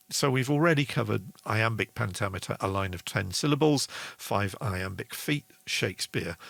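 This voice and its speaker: A man's voice: medium pitch, vocal fry, a bit bright, dry recording. A man hosting a casual songwriting lesson, chatty, reading out viewer comments. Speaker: songwriting show host.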